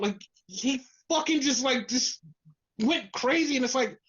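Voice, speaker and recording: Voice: normal speed, muffled recording. A podcast co-host ranting in casual talk, swearing constantly and sounding fed up. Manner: profane, exasperated ranting; animated, mimics others in a lower voice.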